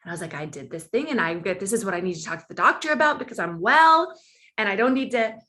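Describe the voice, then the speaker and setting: A woman guest on a podcast, telling a personal story in conversation and acting out the quoted dialogue with big jumps in pitch. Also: expressive, quick pace, pushed and bright.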